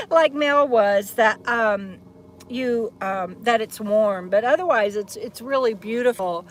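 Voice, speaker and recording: This vlogger from Texas speaks slowly in a slightly high, animated voice. She's hosting a live stream outdoors in the shade next to her RV, holding her phone as she chats and rambles, with frequent laughter.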